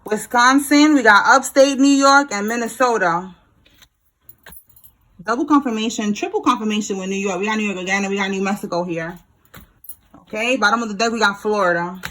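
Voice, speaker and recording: A woman giving a casual tarot reading, talking straight to her viewers in a blunt, slangy way with swearing and quick laughs. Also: medium pitch, a bit bright. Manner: talks to viewers directly while pulling cards. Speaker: tarot reader.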